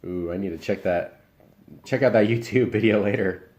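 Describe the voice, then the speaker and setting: Young US male streamer, slightly low voice, loose casual delivery, talking with his mouth half full. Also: moderate pace. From Iowa, US. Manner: relaxed, rambling, talks while eating. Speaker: live streamer. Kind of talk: casual chat reading viewer comments.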